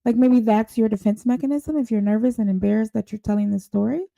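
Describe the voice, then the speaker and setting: A woman's voice: on the high side, fairly even intonation, fast talker, creaky, dark tone, no echo, low-quality recording. A woman hosting a reaction show, giving casual commentary in a blunt, incredulous, scolding way. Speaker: host reacting to a clip.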